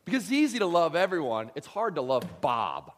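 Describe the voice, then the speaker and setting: A man preaching a sermon as pastor, joking and animated, swinging from loud lines to hushed ones. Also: fairly high pitch, brisk.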